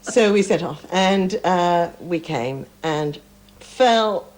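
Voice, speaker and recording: Older Englishwoman, lively storyteller. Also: fairly low pitch, slow pace. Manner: animated, acts out other people's lines in her stories. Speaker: interview guest. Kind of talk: chatty anecdotal storytelling.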